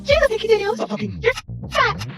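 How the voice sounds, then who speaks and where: A woman voicing a bratty young girl character in a homemade Minecraft role-play, speaking in a shrill, taunting way. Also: a little fast, gravelly, music in the background.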